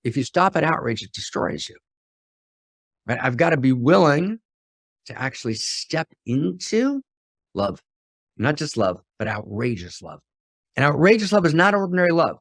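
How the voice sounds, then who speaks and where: A middle-aged man teaching with fervor, his fairly high voice dropping to near-whispers before climbing to ringing declarations. He leans on repeated phrases and rhetorical questions. The sound is dry and close, with no room around it. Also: sing-song, moderate pace, long pauses, dry recording. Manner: swings from hushed to fiery and exclamatory. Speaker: spiritual teacher. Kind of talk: impassioned spiritual talk.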